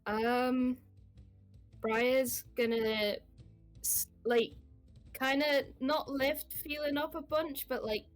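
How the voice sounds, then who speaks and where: A woman narrating her character's actions in a tabletop game, halting, with frequent giggles and fillers. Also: sits high, steady tone, soft background music.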